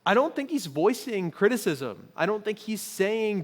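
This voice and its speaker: A man's voice: high-pitched, big pitch swings, moderate pace. A man preaching a conversational sermon in a church auditorium, joking with the congregation and acting out quoted voices. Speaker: pastor. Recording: long reverb of a large hall.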